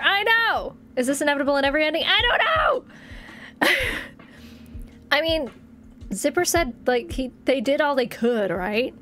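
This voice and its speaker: A woman's voice: sits high, lively intonation, normal speed, fairly bright tone, soft background music. A young woman streaming a game, reading its text aloud and reacting emotionally, at times tearful.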